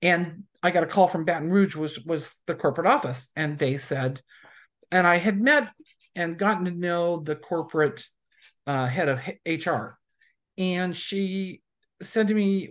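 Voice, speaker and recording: A woman's voice: on the low side, moderate pace. A woman author chatting in an interview, telling anecdotes and acting out the people she quotes. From USA. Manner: chatty storyteller who acts out quoted people. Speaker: romance author, guest. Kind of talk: casual interview chat.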